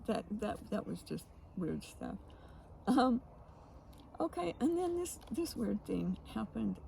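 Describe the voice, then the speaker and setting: A woman co-hosting a casual chat, telling odd stories with frequent laughs and halting restarts. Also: on the high side, very animated, creaky, dark tone, slight background noise, rough recording. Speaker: co-host.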